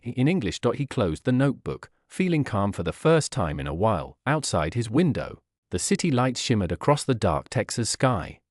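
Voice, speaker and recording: Lively male storybook narrator. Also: mid-range voice, no echo, clean studio sound. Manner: clear, measured reading for learners. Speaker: narrator of a graded reader.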